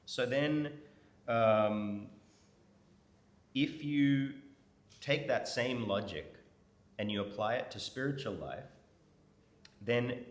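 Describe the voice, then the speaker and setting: A man giving an informal class in a temple hall, quizzing and teasing his audience. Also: on the low side. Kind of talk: conversational scripture class. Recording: echoey hall with faint noise.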